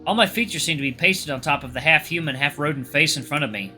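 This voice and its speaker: A young man reading a visual novel aloud with casual asides, expressive and lively. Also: a little high, quick pace, faint music behind. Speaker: gaming YouTuber.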